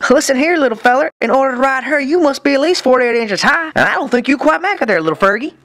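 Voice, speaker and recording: A man's voice: very high voice, animated, quick pace, a bit bright, heavily acted. A man voicing a crude, lecherous male cartoon villain, telling folksy stories with gusto. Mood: taunting. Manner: folksy, crude, exuberant storyteller. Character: lecherous rowdy male villain, Southern drawl. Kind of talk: cartoon comedy voice acting.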